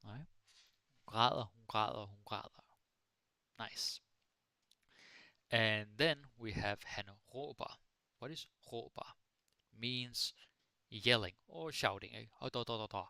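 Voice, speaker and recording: Slow, gravelly-voiced Danish teacher, playful. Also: male voice, lowish voice, no room sound. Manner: relaxed, playful, mixing Danish and English with jokey examples. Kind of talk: casual live-stream language lesson. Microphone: close microphone.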